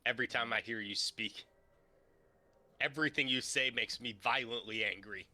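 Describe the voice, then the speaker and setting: A man's voice: mid-range voice, normal speed, bright, forceful tone. A man playing a tabletop game, teasing the game master in mock exasperation. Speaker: player. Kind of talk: casual chat at a game table.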